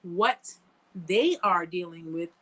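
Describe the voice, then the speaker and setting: A woman's voice: fairly low pitch, expressive, slow, rough recording. A woman hosting a live-stream chat, talking earnestly and emphatically straight to her viewers. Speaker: host answering live chat.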